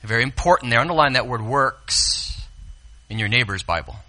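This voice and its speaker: A man with a medium-pitched voice and lively intonation delivers a sermon as pastor in a church sanctuary, shifting between quiet asides and loud, stretched-out quotations.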